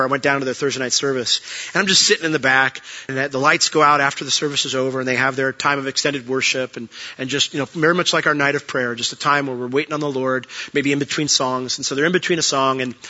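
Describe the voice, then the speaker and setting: Fast-talking bright-voiced male preacher. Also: medium pitch, fairly even intonation, highs cut off. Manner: earnest storytelling, frequent restarts. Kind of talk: sermon with personal stories and closing prayer. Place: church pulpit.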